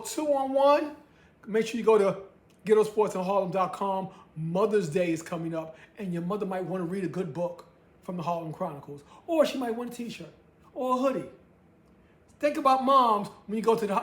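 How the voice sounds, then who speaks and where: A woman hosting her own sports talk show, ranting with emphasis and repeating her points. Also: on the high side. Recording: echoey room.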